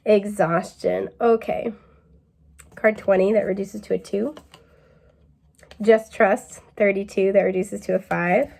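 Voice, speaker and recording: A woman's voice: mid-range voice, steady tone, measured pace, creaky, pauses often. Woman, tarot reader, casual chatty delivery, fillers and laughter, mid-range voice. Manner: chatty and laid-back, many fillers, laughs often; puts on a mellow drawl for quoted phrases. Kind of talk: casual pick-a-card tarot reading.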